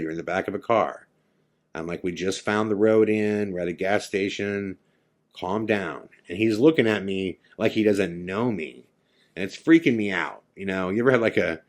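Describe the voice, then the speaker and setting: A man hosting a podcast tells a personal story casually, acting out his friends' lines as quoted dialogue. For the eerie parts, he drops into a hushed, low tone.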